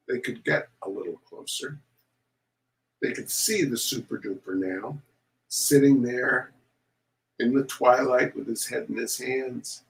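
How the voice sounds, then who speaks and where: A man reading a children's story aloud to an audience, animated and showing pictures as he goes. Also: mid-range voice, a little slow, low-quality recording.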